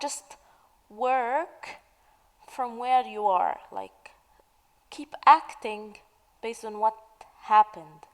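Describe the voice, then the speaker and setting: A woman teaching the meaning of idioms in a slow, patient way, asking questions and then answering them. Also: a little high, a bit bright, long reverb tail, rough recording. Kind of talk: slow explanatory lesson narration.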